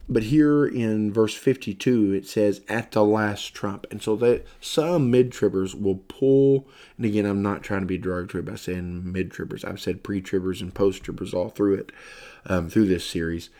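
A man's voice: lowish voice, moderate pace, dark tone. A tired man giving a Bible lesson, reading scripture aloud with rising emphasis and explaining it loosely with fillers. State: tired, yawning. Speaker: Bible teacher. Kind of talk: sermon-style Bible lesson.

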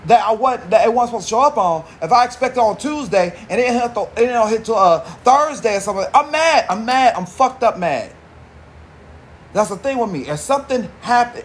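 A man with a high voice hosts a podcast solo, rambling casually and profanely, with plenty of slang and swearing. Slight background noise is present.

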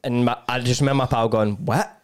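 A man's voice: medium pitch, steady tone, quick pace. A young Scottish man hosting a casual podcast, telling rambling, sweary anecdotes with laughs. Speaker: podcast host.

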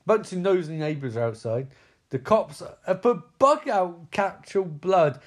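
A man's voice: high voice, very animated, a little slow. A man giving a comedic film recap, sarcastic, incredulous and full of swearing. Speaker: movie recap commentator.

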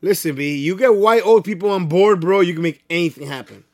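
Fast-talking high-voiced podcast man. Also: dry recording. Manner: fast, insistent, argues his point. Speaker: podcast co-host. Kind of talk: casual chat.

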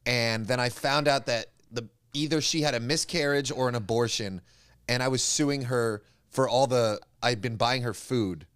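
A man telling a long story in casual chat, deadpan, breaking into laughs. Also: mid-range voice, moderate pace, clear, resonant tone, no room sound.

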